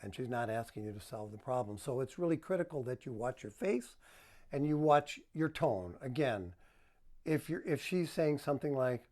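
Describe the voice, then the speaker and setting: A man's voice: mid-range voice, expressive, normal speed, a little mellow. A man working as a relationship counselor, giving advice to the camera in a coaching manner and acting out example tones of voice.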